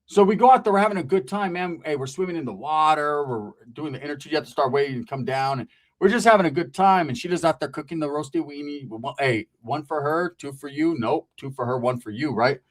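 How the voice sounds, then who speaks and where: A man's voice: on the high side, fast talker. A man from the Merced area of California telling a rambling, profane comic story. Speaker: comedian storyteller.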